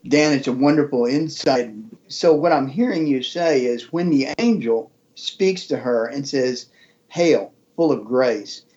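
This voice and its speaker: A man's voice: medium pitch, a little slow, few pauses, a little mellow, lo-fi sound. A male host reflectively summing up his guest's points and checking that he understood them. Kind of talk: interview discussion.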